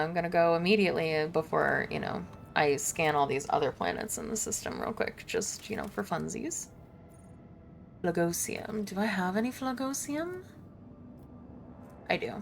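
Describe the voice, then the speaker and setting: A woman's voice: lowish voice, big pitch swings, a little slow, creaky, long pauses, slight background noise. A woman streamer chatting casually during gameplay, swearing lightly and laughing often.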